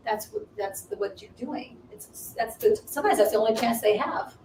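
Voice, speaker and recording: Ministry co-host sharing testimony; slightly high pitch, recorded far from the mic in a roomy space. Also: female voice, big pitch swings, normal speed, a little mellow. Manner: earnest storytelling with frequent restarts. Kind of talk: personal testimony on a livestream. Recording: roomy distant livestream audio, faint noise.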